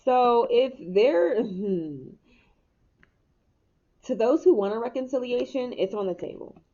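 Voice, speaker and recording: With a fairly high, animated but dark-toned voice, a young adult woman slowly delivers a casual spiritual tarot reading. She laughs often, speaks candidly, and swears at times, and the muffled mic carries noticeable hiss.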